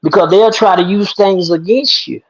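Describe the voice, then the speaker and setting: A man's voice: high-pitched, normal speed. A man hosting an online talk show, telling a folk story and preaching its moral in a folksy, emphatic way. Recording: dull lo-fi sound.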